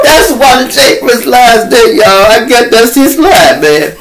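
Animated cussing man. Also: unhurried, few pauses, faint music behind, low-quality recording. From Chicago. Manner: animated, swings from low mutters to loud outbursts, cusses freely. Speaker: show host and storyteller. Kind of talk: casual monologue to a live audience. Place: home room.

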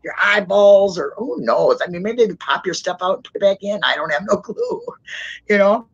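Chatty woman on a stream, pitch jumps all over, slightly husky, kinda muffled sound. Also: expressive, normal speed. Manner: rambling, self-described loudmouth, laughs often. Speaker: stream host. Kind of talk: casual livestream chat.

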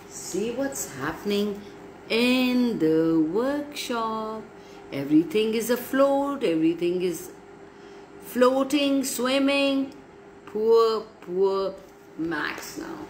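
A woman reading a story aloud for children in an animated way, speaking to her young listeners. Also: mid-range voice. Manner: animated, talks to listeners directly. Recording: echoey room, faint background noise.

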